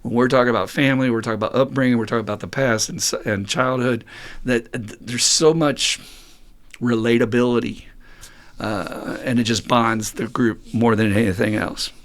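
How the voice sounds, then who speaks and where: A man's voice: medium pitch, steady tone, normal speed. A middle-aged man hosting a recovery podcast, talking in an earnest, musing monologue and acting out the voices he quotes. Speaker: podcast host and recovery group counselor.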